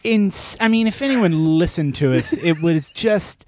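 A man co-hosting a casual chat among friends, excitable and joking as he tells stories. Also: on the high side, a little slow, a little hiss or hum. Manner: excitable, joking, slips into playful voices. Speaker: podcast co-host.

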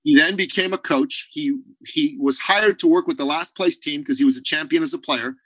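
A man with a high, bright voice speaks as an interview guest, blunt and emphatic. He tells stories with plenty of animation. The sound is dry and close. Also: moderate pace, no room sound, poor audio. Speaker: podcast guest, business owner. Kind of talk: energetic interview talk.

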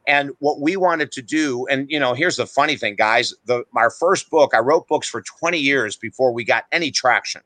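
A middle-aged man speaks with a bright, forceful tone, recorded close and dry with no room sound. He is a podcast guest, blunt and emphatic, who pokes fun at himself as he tells his stories. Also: mid-range voice, moderate pace, hardly any pauses, no echo, poor audio. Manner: emphatic, blunt, self-deprecating. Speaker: guest author. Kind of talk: animated podcast storytelling.

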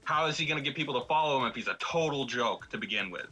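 A man's voice: mid-range voice, expressive, fast talker, bright, forceful tone, soft background music, rough recording. A man talking casually on a podcast panel about a film, rambling with many fillers and restarts.

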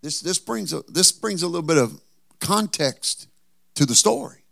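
A man's voice: a little high, normal speed, gravelly, dry recording, clean studio sound. A man preaching a sermon as pastor, acting out the people in the story with humor. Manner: preaching with lively acted-out quotes and humor.

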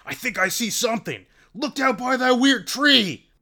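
An actor reading the lines of a bold, impatient teenage girl in a storybook, loud and pushy. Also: very high voice, animated, normal speed, voice pushed up, heavily acted.

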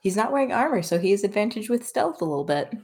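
A woman narrating a tabletop game as game master, in a relaxed, casual way. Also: mid-range voice, fast, breathy edge.

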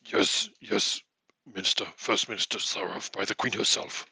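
A man plays a nervous, hesitant sub-chief who defers to his superiors in a tabletop game. The voice is low with a gravelly edge. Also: flat delivery, normal speed, bright, forceful tone, no echo, heavily acted. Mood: deferential.

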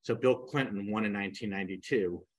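A man's voice: lowish voice, quick pace, low-quality recording. An older man, a guest real estate coach, telling his story in a podcast interview and acting out the people he quotes. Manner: animated storyteller who acts out quoted speakers.

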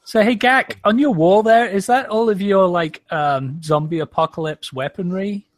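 A man's voice: sits high, normal speed, heavy background noise. A man co-hosting a casual group chat who jokes and teases the others. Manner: joking, teasing. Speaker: podcast co-host.

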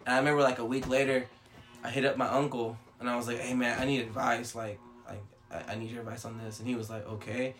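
A young man, telling a story in casual chat, animated and swearing a lot. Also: mid-range voice, quick pace, soft background music.

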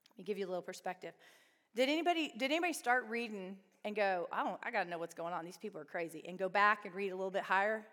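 A woman teaches a Bible study group in a relaxed, conversational way. She keeps checking in with her listeners through quick questions. Her voice sits at a middle pitch and carries a long reverb from a large hall. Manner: chatty, asks the group questions.

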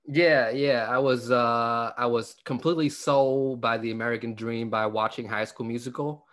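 A man's voice: medium pitch, fairly even intonation, moderate pace, a bit bright. A young man from Vietnam with a Vietnamese accent, a stand-up comedian chatting as a guest, joking and laughing often between fillers. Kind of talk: casual interview chat.

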